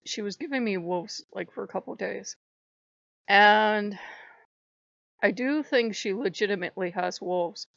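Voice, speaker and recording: Woman, middle-aged, exasperated casual monologue, gravelly, dry dull sound. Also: lowish voice, a bit bright, no room sound. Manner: heated, exasperated storytelling. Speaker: channel host.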